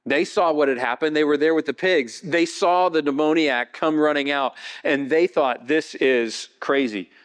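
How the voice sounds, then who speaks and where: A male pastor preaching a sermon, retelling a Bible story vividly and building to excited, high-pitched passages. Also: moderate pace, hardly any pauses.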